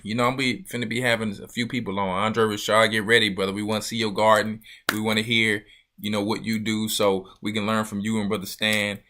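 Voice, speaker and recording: A man's voice: fairly low pitch, level tone, a little fast, background noise. A man, a church elder, hosting a loose, joking livestream chat with viewers. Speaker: church elder and show host.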